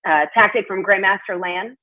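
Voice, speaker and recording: A woman in a casual podcast interview, herself a martial arts competitor, chats frankly and lets the occasional swear word slip. Her mid-range voice moves at a normal speed, and the recording has a tinny, phone-like quality.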